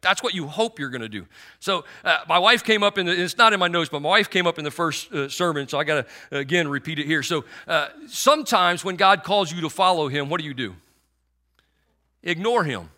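Chatty, bright-voiced man preaching. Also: fairly high pitch, animated, brisk. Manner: conversational, sarcastic asides, frequent restarts and fillers. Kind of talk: sermon.

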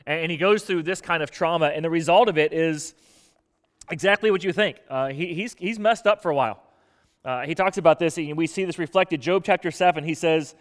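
A man with a rather high speaking voice delivers a sermon in a relaxed, conversational way. He puts scripture into everyday words and grows more intense as he voices its speaker. His voice carries a long hall reverb. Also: brisk. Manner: paraphrases scripture in lively conversational speech, voicing Job with rising intensity. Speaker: pastor.

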